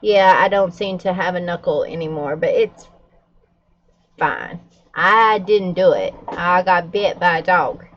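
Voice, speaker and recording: A woman's voice: on the low side, a little slow, highs cut off, a little hiss or hum. A middle-aged woman, chatting candidly to her viewers with frequent fillers and laughs. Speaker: vlogger. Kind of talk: casual chat to camera.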